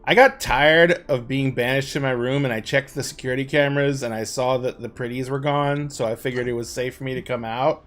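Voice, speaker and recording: A man's voice: medium pitch, steady tone, a little fast, few pauses, a bit bright, lightly acted. A man voicing a sarcastic teenage girl in a tabletop game.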